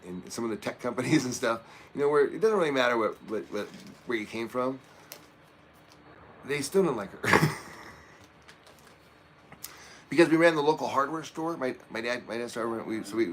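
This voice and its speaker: A man's voice: medium pitch, a bit bright, slight background noise. A middle-aged man from Oregon, hosting a livestream and telling personal family stories in a casual, rambling way, chuckling through heavy topics. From Oregon, USA. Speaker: livestream host.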